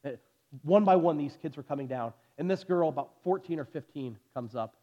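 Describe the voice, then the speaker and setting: A man in his forties preaches in a church, his voice sitting a little higher than most. He tells stories with animated energy, then sinks to a hushed, intense delivery. The recording sounds dull and lo-fi. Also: brisk. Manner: animated storytelling, drops to soft intense delivery. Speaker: pastor. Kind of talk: sermon. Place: church sanctuary.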